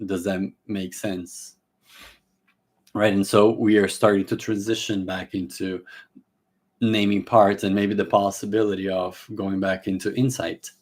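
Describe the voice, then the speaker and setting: A man's voice: lowish voice, little pitch movement, measured pace. A man giving a live teaching talk on a therapy method, explaining casually with restarts and acting out short client and therapist exchanges. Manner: casual, many fillers and restarts. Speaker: therapy trainer.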